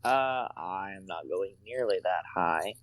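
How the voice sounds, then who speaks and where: A man's voice: low-pitched, animated, measured pace, dry recording. A man co-hosting a casual sports podcast, swearing freely and rambling through anecdotes. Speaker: podcast co-host.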